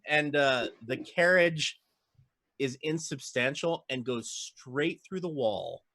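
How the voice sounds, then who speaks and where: Unhurried man running the game. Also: medium pitch, animated, a bit bright, no echo. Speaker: dungeon master. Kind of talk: narrating a tabletop game.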